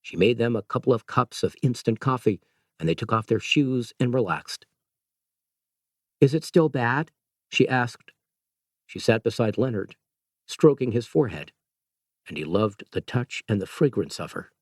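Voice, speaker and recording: Low-voiced man narrating an audiobook. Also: lively intonation, moderate pace, dry recording, clean studio sound.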